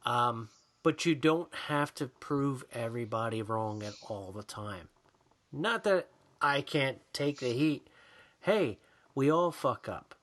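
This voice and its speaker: A man's voice: medium pitch, a bit bright. A man co-hosting a podcast in casual, profane chat, ranting and mocking people in put-on voices. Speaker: podcast co-host.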